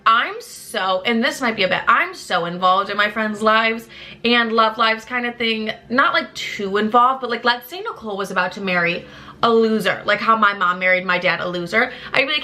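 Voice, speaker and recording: A woman in her twenties chatting candidly to camera, blunt and chatty, swearing freely as her pitch swings up and down. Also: fast talker, bright, forceful tone. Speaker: lifestyle creator. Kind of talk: candid casual chat to camera.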